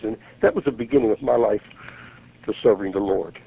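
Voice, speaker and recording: A man's voice: mid-range voice, fast talker, slight background noise. A man in his seventies, a pastor, telling his story earnestly in a radio interview and acting out what people said. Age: 70s. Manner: earnest, retells events by acting out the voices. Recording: gravelly voice over a tinny phone line.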